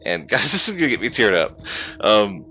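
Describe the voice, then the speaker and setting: A man's voice: lowish voice, very animated, normal speed, sharp tone, slight background noise. A man in his thirties, a pastor and streamer, giving a heartfelt, rambling personal testimony over a gaming headset. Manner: heartfelt and emotional, rambling with restarts.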